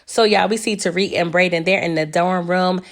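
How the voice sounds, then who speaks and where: A woman's voice: fairly low pitch, moderate pace. A woman recapping a TV episode in casual chat, chatty and laughing, talking straight to her viewers. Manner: chatty, animated asides to viewers, laughs often. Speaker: TV recap vlogger.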